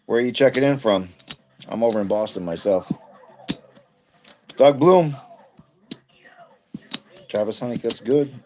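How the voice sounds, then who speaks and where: A man's voice: mid-range voice, a little mellow. A man casually chatting on his evening live stream, greeting viewers by name and rambling between topics.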